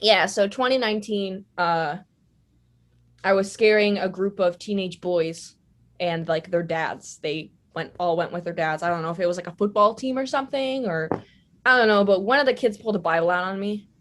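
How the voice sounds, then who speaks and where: A woman's voice: mid-range voice, steady tone, moderate pace. A young woman telling stories on a podcast in a casual, rambling way, with lots of fillers. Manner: chatty, rambling, many fillers. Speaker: podcast guest. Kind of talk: casual storytelling.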